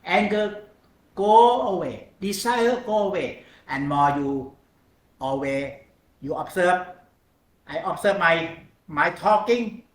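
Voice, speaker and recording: A man giving a meditation talk, speaking slow, halting English in short phrases with pauses. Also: on the high side, fairly bright tone, roomy sound. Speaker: meditation teacher. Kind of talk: dharma talk on mindfulness.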